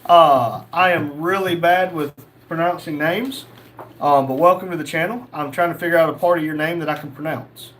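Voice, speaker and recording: High-voiced young man reading chat. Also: fairly even intonation, moderate pace, fairly bright tone, slight background noise. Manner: reads chat messages aloud, jokey. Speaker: livestream host reading chat. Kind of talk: casual livestream chat.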